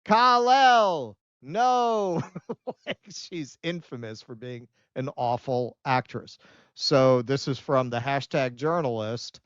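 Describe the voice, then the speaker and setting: A man hosting a political commentary podcast, sarcastic, with animated, swearing rants. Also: mid-range voice, a little slow, dry recording. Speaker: podcast host. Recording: dull lo-fi dry sound.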